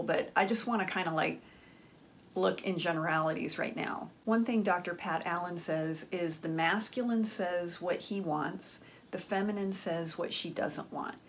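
A woman's voice: medium pitch, a little hiss or hum. A woman hosting a relationship advice channel, talking emphatically to viewers and checking in with "okay?". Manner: emphatic, frequent "okay?" check-ins, acts out quoted dialogue. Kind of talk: direct-to-camera advice talk.

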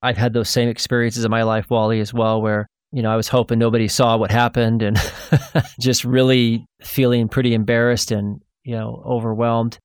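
A man's voice: medium pitch, flat delivery, normal speed, smooth, no room sound. Conversational male host, dry close sound. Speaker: interview host. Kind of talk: casual interview chat.

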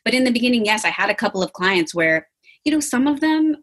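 A woman dietitian talking casually as an interview guest, animated and acting out what her clients say. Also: a little high, fast. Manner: animated, acts out quotes of clients.

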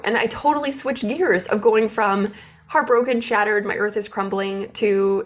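A woman's voice: medium pitch, normal speed. Candid woman sharing business struggles. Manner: open, emotional, animated storytelling. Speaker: business owner. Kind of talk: candid personal vlog.

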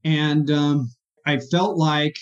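A man with a voice pitched a bit high speaks as an interview guest, earnest and halting as he tells his story, often stumbling over his words with feeling. The recording sounds dull and lo-fi. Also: steady tone, clear, resonant tone. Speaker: guest, therapist.

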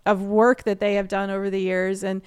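Woman in her 30s chatting as a guest, super clear smooth voice, animated, laughs a lot. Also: mid-range voice, a little fast. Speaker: interview guest. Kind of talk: casual storytelling interview.

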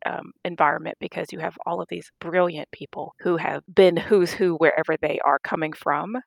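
A middle-aged woman doctor casually recounting stories in an interview, animated and laughing as she acts out dialogue. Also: low voice, moderate pace, vocal fry, no echo. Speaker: guest, physician.

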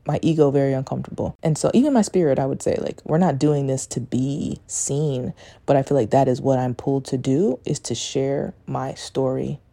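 A woman hosting a podcast, talking in a candid, confessional way, swearing freely and keeping her voice low so she won't be overheard. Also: steady tone, normal speed, gravelly, mellow. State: talking low to stay quiet. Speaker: podcast host. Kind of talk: casual confessional monologue.

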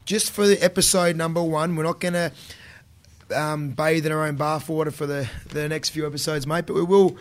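A man's voice: on the high side, steady tone, a little fast. An Australian man hosting a running podcast, chatting in an upbeat, matey way as the head coach. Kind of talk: casual podcast chat.

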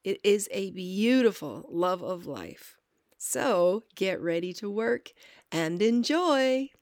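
A woman, a longtime student, calmly reading a scripted introduction for a spiritual podcast. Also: on the low side, slow pace, dry recording, studio quality. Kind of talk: scripted narration.

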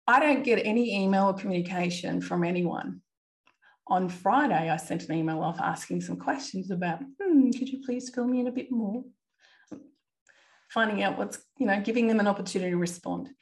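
A woman in her thirties hosting a podcast, earnestly retelling a distressing family episode with quoted dialogue. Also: fairly low pitch. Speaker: podcast host and parent. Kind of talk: personal storytelling monologue.

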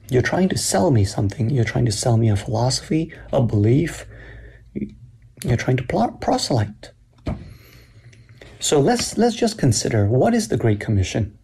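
A man giving a slow, deliberate sermon-style talk at a church summit, explaining scripture with emphatic pauses. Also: medium pitch, mellow, slightly rough.

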